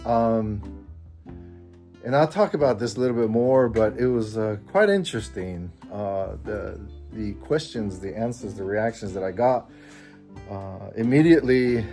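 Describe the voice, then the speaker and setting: Mexican-born man, 50s, mellow voice, soft guitar underneath, rambling vlog chatter with self-deprecating chuckles. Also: on the low side, unhurried, long pauses. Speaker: vlogger. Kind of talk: casual personal vlog.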